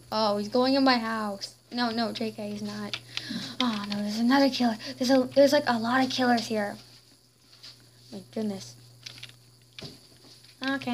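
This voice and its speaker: A woman's voice: on the high side, slight background noise. A woman giving playful, chatty gameplay commentary while role-playing as a queen. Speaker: game player.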